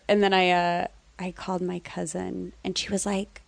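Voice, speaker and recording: A woman in casual conversation, telling a story animatedly and acting out the voices of others, at times rising to near-shouting. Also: fairly low pitch, level tone, moderate pace, creaky, dry recording. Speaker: guest author.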